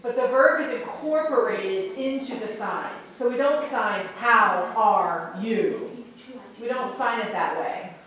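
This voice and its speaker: A woman teaching a sign language class in a library room, encouraging and emphatic, repeating phrases slowly for her learners. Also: a little high, lively intonation. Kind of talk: classroom instruction. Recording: echoey room, voice far off.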